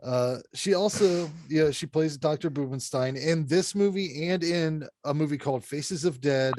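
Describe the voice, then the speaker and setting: A man co-hosting a podcast, talking bluntly and ranting with plenty of swearing and quick laughs. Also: on the high side, darkish tone, no echo. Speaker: podcast co-host reviewing horror films. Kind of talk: casual profane chat.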